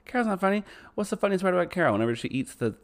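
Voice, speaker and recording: A man co-hosting a podcast in casual chat, excitable, swearing and trailing off mid-sentence. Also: sits high, racing. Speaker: podcast co-host.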